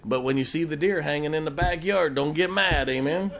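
A man's voice: a little high, brisk, fairly bright tone. A middle-aged man preaching a sermon as pastor, folksy and often joking and laughing with the congregation.

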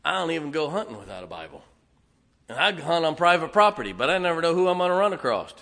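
A middle-aged man preaching a sermon, telling folksy, animated stories with asides to the congregation. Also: fairly high pitch, fast talker. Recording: long hall reverb.

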